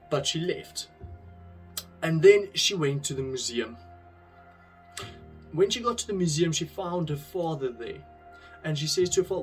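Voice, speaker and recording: A man's voice: fairly high pitch, animated, slow, long pauses, a bit bright, soft background music. Earnest man telling a faith story. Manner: earnest, conversational, with restarts. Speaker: speaker sharing a devotional message. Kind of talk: storytelling devotional talk.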